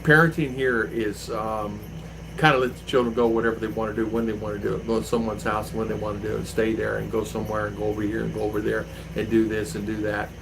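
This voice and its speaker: A man's voice: lowish voice, flat delivery, fast, creaky, noisy background. An older man hosting a livestream, chatting in a rambling, storytelling way. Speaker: livestream host. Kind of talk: casual livestream chat.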